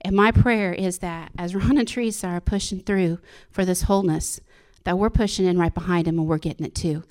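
A woman's voice: on the low side, steady tone, a little fast, a little mellow. Earnest woman giving an informal sermon. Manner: earnest, with frequent laughs and restarts. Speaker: church speaker sharing a devotional.

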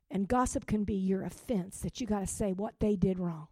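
A woman preaching a sermon with passion, swinging from loud rising calls to hushed, quiet drops. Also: medium pitch, normal speed, dry recording. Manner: impassioned, with sudden loud rises and hushed drops.

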